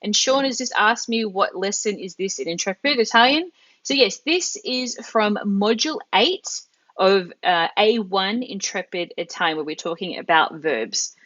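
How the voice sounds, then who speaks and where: Woman, language teacher, live online lesson, patient step-by-step explaining, mid-pitched voice, slightly dull audio. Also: expressive, moderate pace, fairly bright tone. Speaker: Italian teacher.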